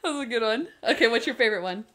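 A woman co-hosting a podcast in casual chat, animated and laughing often as she retells favorite scenes. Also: on the high side, rapid-fire. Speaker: podcast co-host.

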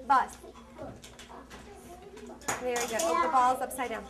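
A woman elementary teacher with a high voice runs a reading lesson. She gives brisk, firm directions to the children and hands out quick praise as she moves along. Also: crowd noise. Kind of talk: classroom instruction. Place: elementary classroom.

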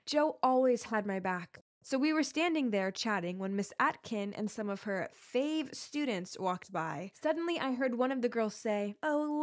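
A woman giving scripted first-person narration of an animated story in a confiding tone. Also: on the high side.

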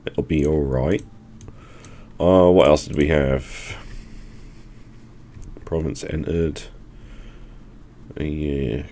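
A man with a deep, low-pitched voice chats casually over a strategy game. He thinks aloud, weighing each move as he makes it, like a gaming channel host. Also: warm tone, slight background noise. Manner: thinking aloud while planning moves. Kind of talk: casual gameplay commentary.

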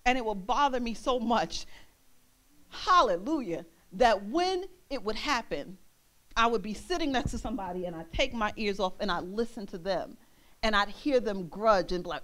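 A young woman ministering in a church, preaching an animated sermon and acting out the voices of the people in her stories. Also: mid-range voice, moderate pace. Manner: animated, acts out quoted voices, laughs.

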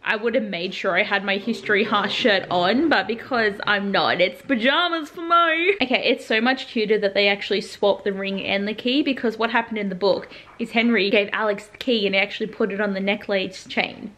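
A young woman chatting in a casual reaction vlog at home, full of "like" fillers and excited asides. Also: medium pitch, brisk, few pauses. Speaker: book vlogger. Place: at home in pajamas.

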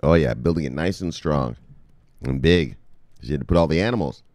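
A man's voice: very deep voice, brisk, a little mellow, no room sound, clean studio sound. A man hosting a crypto video, telling a crude, joking story in a mock-preachy way. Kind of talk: mock-sermon crypto commentary.

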